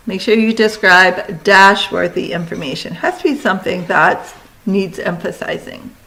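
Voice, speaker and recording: A woman teacher giving a recorded lesson, talking students through steps in brisk, directive instructions. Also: medium pitch, a bit bright, low-quality recording.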